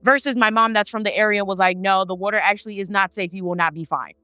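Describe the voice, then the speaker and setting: A woman tells a family story in a loose, animated way, swearing freely and slipping into her relatives' voices. Her voice is bright and crisp. The sound is dry and close. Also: mid-range voice, fast talker, no echo. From Haitian family. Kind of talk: casual storytelling.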